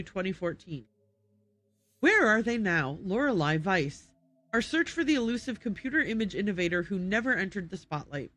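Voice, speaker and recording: A woman streamer reading in-game documents aloud on a livestream, careful and unhurried, stopping to correct and reread her slips. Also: mid-range voice, fairly bright tone.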